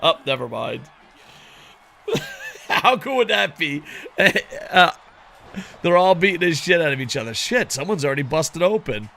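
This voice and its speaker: A man calling a wrestling video game for his viewers, excitable and foul-mouthed, chatting to them as "boys." His voice sits a bit high and rings with a very sharp, tense edge. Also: a little slow, gravelly, pauses often. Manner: excitable, heavily profane, addresses viewers as boys. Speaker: gaming commentator. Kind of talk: casual video game commentary.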